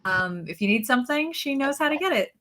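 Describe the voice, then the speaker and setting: A woman's voice: high-pitched, expressive, brisk, background noise. A woman cosplayer introducing herself and her character in an easygoing way. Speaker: player, cosplayer. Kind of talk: casual self-introduction.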